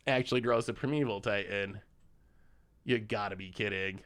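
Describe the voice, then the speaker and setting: A man's voice: fairly low pitch, moderate pace, a bit bright. A man streaming a card game, commenting live on each play, reacting to the opponent and thanking subscribers.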